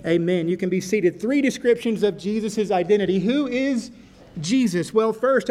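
A man's voice: sits high, normal speed, a little mellow. A man pastor reading scripture aloud and leading prayer in a sermon, stressing quoted speech with a raised voice.

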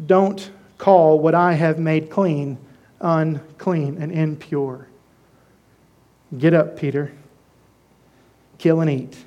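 A man voicing God telling Peter to get up and eat, slow and solemn. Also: on the high side, fairly even intonation, darkish tone, muffled recording, pitched below the performer's own voice. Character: God speaking to Peter, commanding male voice.

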